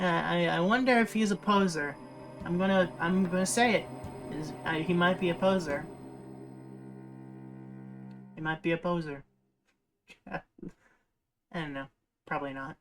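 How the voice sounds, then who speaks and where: A woman's voice: on the low side, measured pace, pauses often, fairly bright tone, faint music behind. A young woman chatting casually while she livestreams, rambling with lots of fillers and restarts. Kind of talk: casual chat while streaming.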